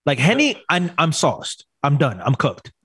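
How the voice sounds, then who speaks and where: A man's voice: fairly high pitch, big pitch swings, unhurried, bright, forceful tone, husky, no room sound, clean studio sound. A man co-hosting a casual chat, laid-back and teasing his friends. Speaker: podcast co-host.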